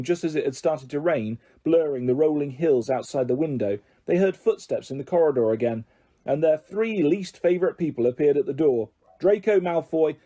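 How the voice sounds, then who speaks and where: A man narrating an audiobook in a steady storytelling manner, with occasional small slips. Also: mid-range voice, husky.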